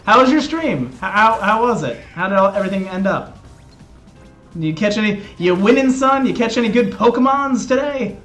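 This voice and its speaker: A man's voice: sits high, very animated, normal speed, a bit bright, soft background music. A man streaming a video game, chatting casually with his chat and joking about his exercise punishments. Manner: chatty, joking, self-mocking.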